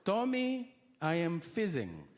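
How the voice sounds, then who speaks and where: A man playing his elderly mother, high and paranoid, speaking dramatically and spacily. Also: huge pitch swings, slow, heavy background noise, heavily acted. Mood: giddy. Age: 70s. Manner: dramatic, spacey and pleading.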